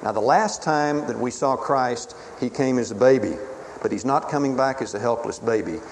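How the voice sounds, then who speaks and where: A man preaching a sermon in a dramatic, emphatic way, swinging between booming declarations and hushed pleas. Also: normal speed. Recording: reverberant hall with faint ambient noise.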